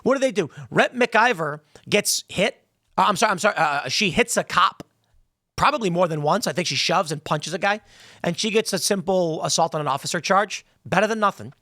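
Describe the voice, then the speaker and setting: A man's voice: sits high, bright, forceful tone, dry recording, studio quality. A man hosting a political commentary show, talking in an emphatic, heated way and slipping into mocking voices when he quotes people. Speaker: podcast host.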